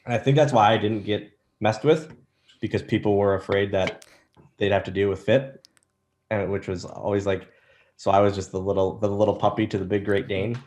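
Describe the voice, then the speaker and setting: A man in his thirties speaks in a fairly low voice, recounting his career in a relaxed interview. He tells it as anecdotes, slipping into quoted lines from the people involved. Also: normal speed. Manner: animated storyteller, acts out quoted lines. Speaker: interview guest, former wrestler. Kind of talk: casual storytelling interview.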